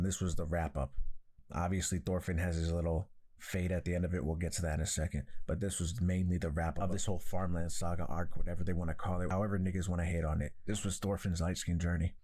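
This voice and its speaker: A man hosting an anime reaction, casual slangy commentary that is animated and profane and full of laughs. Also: deep voice.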